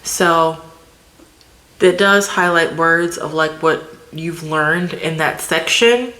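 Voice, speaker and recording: A woman's voice: low-pitched, slow pace, sharp tone. A woman vlogger chatting casually to the camera, loose and filler-heavy. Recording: roomy echo.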